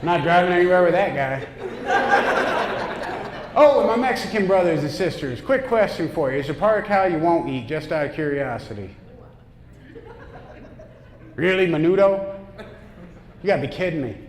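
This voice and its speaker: Brash stand-up comic in echoey club. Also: male voice, fairly high pitch, expressive, normal speed, long pauses. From upstate New York. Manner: brash, punchy delivery with crowd asides. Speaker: stand-up comedian. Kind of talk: stand-up comedy set. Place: comedy club stage. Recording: echoey club room with noise. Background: audience laughter.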